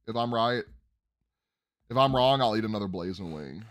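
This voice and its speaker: A man's voice: on the low side, lively intonation, moderate pace. A man hosting a casual sports podcast, chatting loosely and tripping over hard names as he reads them out. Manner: rambling, stumbles over fighter names. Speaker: podcast host.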